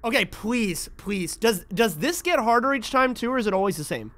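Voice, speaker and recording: A man streaming a game, chatting casually with plenty of swearing and suddenly breaking into shouts. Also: sits high, moderate pace. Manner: excitable and profane, jumps to sudden shouts; mimics other people in anecdotes. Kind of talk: casual gaming stream chat.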